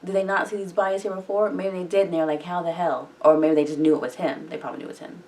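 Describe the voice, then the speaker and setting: A woman with a low voice talks casually through her reactions to a TV episode, rambling and circling back with plenty of filler words. She sits a little back from the microphone, so the voice sounds slightly distant. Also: fairly even intonation, rapid-fire, darkish tone. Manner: chatty, rambling, many "like" fillers. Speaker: reaction video host.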